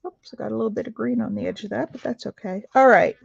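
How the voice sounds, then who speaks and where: A woman's voice: mid-range voice, steady tone, rapid-fire, gravelly, mellow, slight background noise. A woman hosting a craft video, chatting casually and asking questions as she works. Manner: chatty, asks questions while working. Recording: dry, dull lo-fi sound.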